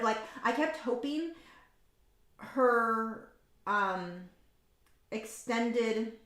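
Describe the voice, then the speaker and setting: A woman artist chatting candidly and rambling while she paints live, frank and opinionated, with lots of ums and likes. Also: medium pitch. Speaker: artist hosting a painting livestream. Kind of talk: casual chat while painting. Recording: roomy echo.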